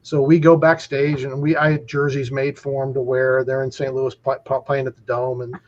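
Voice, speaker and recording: A man's voice: mid-range voice, level tone, normal speed, highs cut off. A man who works as an equipment manager, telling rambling anecdotes on a talk show, with many restarts. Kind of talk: casual storytelling chat.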